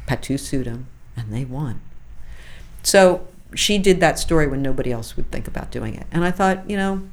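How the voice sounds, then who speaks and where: A middle-aged woman, a fashion journalist being interviewed, telling lively anecdotes with frequent asides. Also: a bass voice, normal speed. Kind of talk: conversational interview storytelling.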